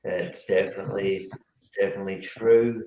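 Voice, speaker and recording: A man co-hosting a casual podcast chat, talking in halting bursts with many fillers. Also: low-pitched, steady tone, darkish tone, lo-fi sound. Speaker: podcast co-host. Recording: roomy echo with faint noise.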